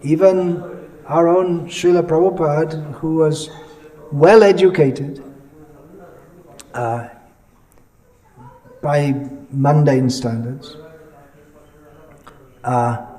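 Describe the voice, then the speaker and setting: A man giving a religious lecture as a monk, measured and explanatory, pausing often and restarting his sentences. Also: a little high, dark tone, low-quality recording. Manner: halting, many pauses and restarts.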